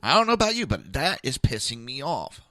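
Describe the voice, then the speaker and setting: A man's voice: mid-range voice, huge pitch swings, brisk, sharp tone, no room sound. Guy ranting on his podcast, cussing, asks lots of questions, dry close sound. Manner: blunt, profane, rhetorical questions. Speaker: podcast host. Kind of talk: opinionated political commentary monologue.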